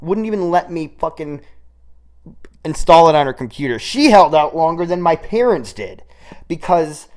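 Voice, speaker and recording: A man in his twenties from the United States, telling a rambling, profane story in a casual monologue, recorded on an old microphone. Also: fairly high pitch. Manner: rambling, profane, animated retelling. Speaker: solo storyteller.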